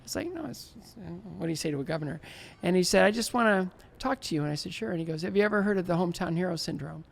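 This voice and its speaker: Gravelly man in his sixties, storytelling. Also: sits high, rapid-fire. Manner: animated, laughs often, acts out remembered dialogue. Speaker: guest, former Olympic figure skater. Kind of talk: casual interview storytelling.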